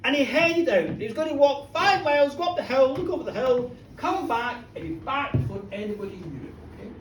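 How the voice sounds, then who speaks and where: A woman telling a comic story to a live audience in a bar, playful and animated, acting out the characters. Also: high voice, fairly quick, slight background noise. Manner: animated, playful, acts out a boy's voice. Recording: echoey bar recorded from far off.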